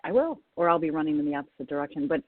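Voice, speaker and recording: A woman's voice: low-pitched, animated, rapid-fire, dry recording. A woman hosting a podcast, chatting casually with a guest, laughing often and using lots of fillers. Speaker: podcast host and psychic reader. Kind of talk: casual interview chat. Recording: tinny phone-like sound.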